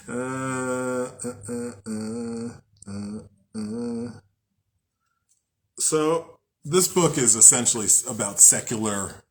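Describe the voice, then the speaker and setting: A man's voice: on the low side, a bit bright. A man hosting a casual spiritual talk, rambling, joking and swearing freely as he reads from a book. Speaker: host.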